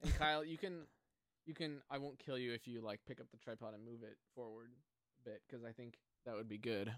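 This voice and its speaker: A man's voice: mid-range voice, fairly even intonation, brisk, no echo. A man hosting a casual podcast at home, rambling along with lots of fillers, speaking close into a stand mic. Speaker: podcast host. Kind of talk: casual chat. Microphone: close drum mic on a stand.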